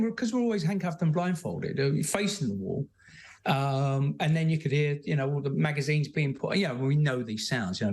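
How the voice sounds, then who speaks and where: Man, 60s, interview guest; rambling, frank, swears freely, mid-pitched voice. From London, England. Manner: rambling, many fillers and restarts, blunt and profane. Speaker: guest, former soldier and author. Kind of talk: candid conversational storytelling.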